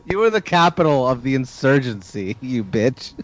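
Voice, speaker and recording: A man's voice: mid-range voice, very animated, normal speed. A man co-hosting a casual podcast chat, rambling and teasing, with some swearing. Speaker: podcast co-host. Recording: dull lo-fi sound.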